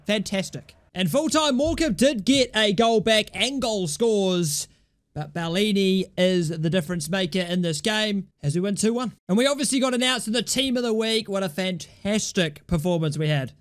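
A young man commentating his own football video game play, swinging from low mumbled asides to loud, shouted goal calls. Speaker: gaming YouTuber. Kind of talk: excitable gameplay commentary.

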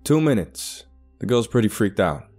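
A man's voice: on the low side, very animated, normal speed, darkish tone, slightly rough, faint music behind, voice pushed up. A man as a matter-of-fact rescue coordinator. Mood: practical. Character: male rescue coordinator, steady and practical.

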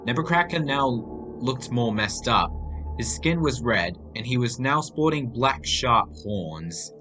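A man's voice: mid-range voice, measured pace. A man narrating a homemade horror story aloud. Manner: reading aloud, animated. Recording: faint music behind voice.

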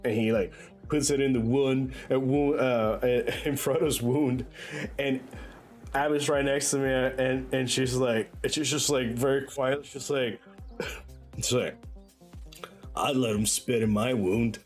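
Male streamer, relaxed unhurried chatter, giggly and rambling, soft game music underneath. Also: mid-range voice. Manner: rambling and laughing often. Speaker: livestreamer. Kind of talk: loose casual chat while gaming. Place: own bedroom.

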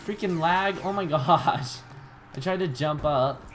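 A man giving chatty, excitable commentary on his own gameplay, with bursts of surprise and self-mocking asides. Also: on the high side, unhurried. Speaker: gaming YouTuber. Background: background music.

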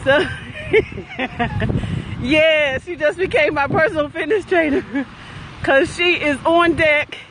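A cheerful, high-voiced woman chats to her viewers as she power-walks through a garden by a lake. She keeps the energy up and hypes herself along the way. The phone audio picks up a clear wash of passing traffic and city noise. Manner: upbeat and cheering, talks while walking briskly. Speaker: wellness facilitator hosting a walking livestream. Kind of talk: live walking vlog, chatty. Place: outdoors in a lakeside garden with traffic nearby.

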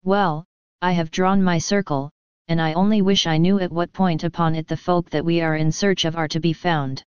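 A woman's voice: fairly low pitch, steady tone, moderate pace, clean tone, no room sound, muffled recording, close to an everyday voice. Hearty police inspector, as a woman reads him. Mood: brisk. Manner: confident, jovial.

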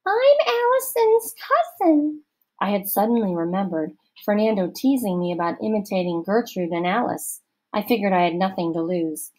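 A woman narrating a children's novel aloud in an expressive storytelling manner. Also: fairly low pitch, fairly quick, poor audio. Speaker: audiobook reader.

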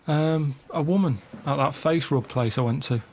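A man on a comic podcast, telling rambling, deadpan anecdotes in casual banter. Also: a little high, normal speed, slight background noise. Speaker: regular co-host.

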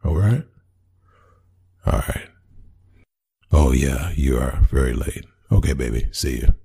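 A man with an extremely low, gravelly voice plays the boyfriend in a one-sided role-play audio drama. He answers an unheard partner and draws out soft endearments. His voice is dark and husky. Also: lively intonation, slow. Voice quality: deep voice. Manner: talks to an unheard partner, answering her unseen replies.

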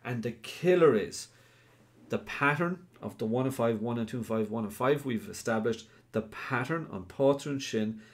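Irish male teacher, mid-pitched voice, patient step-by-step explainer who quizzes his class. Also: darkish tone. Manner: answers chat questions by name. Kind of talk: live online grammar lesson.

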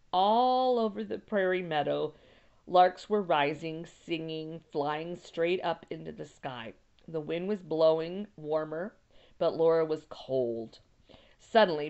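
A woman teacher reads a chapter aloud at an unhurried pace and stops now and then to explain. Her voice is low with a gravelly edge. The recording sounds a little dull. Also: darkish tone.

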